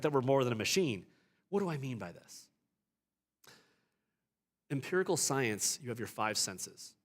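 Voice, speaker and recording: A man's voice: medium pitch, fairly bright tone. Man teaching a church apologetics class. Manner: conversational, rhetorical questions, many restarts.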